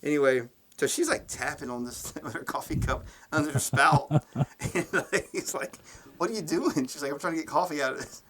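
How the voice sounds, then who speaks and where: A man's voice: a little high, fairly quick, fairly bright tone. A man co-hosting a casual podcast, telling rambling stories and laughing at them as he goes. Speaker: podcast co-host. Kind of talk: casual storytelling chat.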